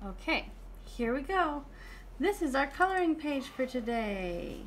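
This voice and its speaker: A woman teaching young children online, speaking in a slow sing-song way as she counts and praises. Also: sits high, very animated, a little hiss or hum. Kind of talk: online preschool lesson.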